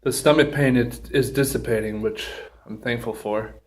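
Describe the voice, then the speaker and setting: A man talking casually in a solo review vlog, halting with many ums and pauses, a bit out of breath, with a runny nose and a burning mouth. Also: mid-range voice, steady tone. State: slightly out of breath from pepper heat. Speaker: pepper reviewer.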